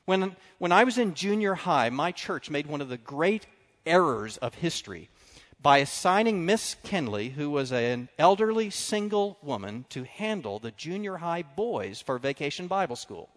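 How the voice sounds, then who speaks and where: A man delivers a sermon in a big sanctuary, his voice trailing off in a long hall echo. He sits a bit high for a man and tells stories with lively shifts, rising to emphatic points and dropping to hushed, confessional tones. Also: moderate pace. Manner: animated storytelling, drops to quiet confessional tones. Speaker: preacher. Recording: long reverb of a large hall.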